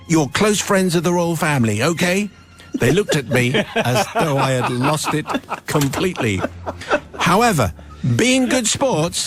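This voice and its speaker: Lively man hosting radio. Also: high-pitched. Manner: lively storytelling with laughs and put-on voices. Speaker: radio host. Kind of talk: radio show reading a listener's letter.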